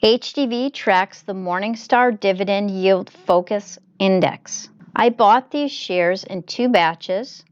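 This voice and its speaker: A woman hosting her own investing channel, narrating a screen-capture walkthrough in a measured, explanatory way. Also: medium pitch, smooth, no echo, muffled recording. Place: home desk, voice recorded on laptop.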